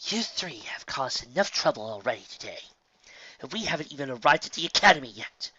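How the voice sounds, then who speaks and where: A man's voice: mid-range voice, very animated, fairly quick, bright, forceful tone, lo-fi sound, a little hiss or hum, voice pushed up. A man voicing a stern older mare pony in an audiobook reading, cold and commanding.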